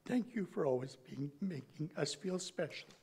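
A man giving a eulogy in a church, reading from notes at a measured pace with small slips and restarts. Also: fairly high pitch, lively intonation, gravelly, darkish tone, slight background noise. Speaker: family member giving a eulogy.

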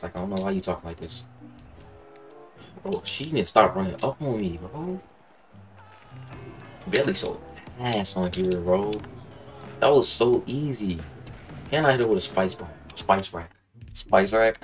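Low-voiced young man swearing through gameplay. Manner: excitable, profane, rambling, says "bro" constantly. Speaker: gaming channel host. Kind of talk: casual gameplay commentary.

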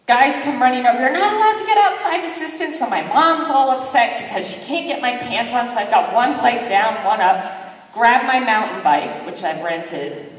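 A middle-aged woman giving a keynote talk, telling a story in an animated, self-mocking way and acting out the voices of others. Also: a little high, normal speed. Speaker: keynote speaker. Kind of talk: lively storytelling speech. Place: large sports hall. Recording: echoey hall from far off.

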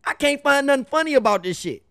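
A man's voice: very high voice, expressive, fast, creaky, a bit bright. A young man hosting a music reaction video, ranting casually in slang and swearing in exasperation. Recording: faint music behind the voice.

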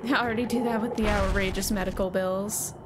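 A woman's voice: medium pitch, fairly even intonation, fairly quick, loud music behind the voice. A woman from the United States, chatting casually as a live game streamer, rambling and laughing often. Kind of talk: casual live gaming chat.

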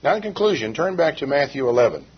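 A man's voice: on the high side, very animated, fast, slight background noise. A male preacher delivering an emphatic sermon full of rhetorical questions, heard on a dull, lo-fi 1980s tape.

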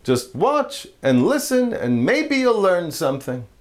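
A man voicing a wise, sly old rabbi in a told joke, speaking slowly and knowingly. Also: high voice. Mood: calm, knowing. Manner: slow, knowing, calm.

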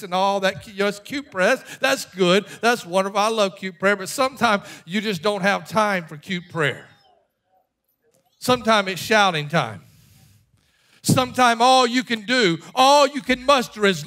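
A middle-aged man preaching from the pulpit in a very high voice. His tone is bright and forceful, and his emphatic delivery drops to a hush and then climbs to a shout. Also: lively intonation, normal speed. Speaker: pastor. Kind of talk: sermon.

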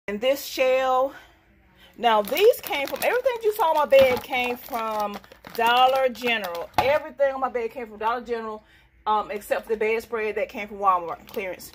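A woman chatting excitedly to her viewers in a casual vlog, at times speaking from farther off the mic. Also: a little high. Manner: excitable, addresses viewers as y'all. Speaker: couponing vlogger. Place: inside a store, then at home.

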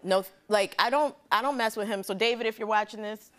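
A woman in her thirties, a talk show guest telling an animated story, laughing as she goes and acting out the people in it. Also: a little high, brisk, heavy background noise. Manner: lively, laughing storyteller doing voices. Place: TV studio with live audience.

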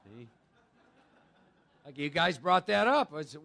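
A man's voice: on the high side, very animated, slow pace, vocal fry, bright, forceful tone. A man speaking at a live recovery workshop, chatty and quizzing his audience with rhetorical questions.

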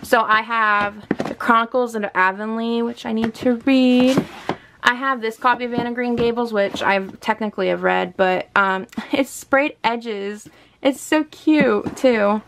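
A woman's voice: a little high, a little slow, background noise. A young woman chatting casually in a book vlog, gushing and chatty as she shows her shelves at home. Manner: gushing and chatty, often laughs. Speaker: book vlogger. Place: home room by a bookshelf.

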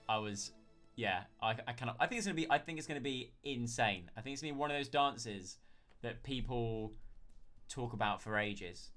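A man talks to his viewers in an easy, chatty live-stream manner, stopping often to thank people by name. His voice sits at an ordinary middle pitch. Faint music plays softly behind him. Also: a little fast. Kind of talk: casual live-stream chat.

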